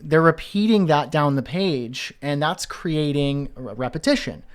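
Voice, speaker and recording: A man's voice: fairly high pitch, lively intonation, unhurried, smooth. A man teaching web design, talking casually through a screen-share walkthrough and thinking aloud with fillers and restarts.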